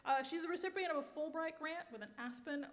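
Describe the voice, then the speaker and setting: A woman's voice: high voice, quick pace. A woman hosting a literary reading, introducing the next author in a chatty way with fillers and asides. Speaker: reading host. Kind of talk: introducing a reader at a literary event. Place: event room. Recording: reverberant hall.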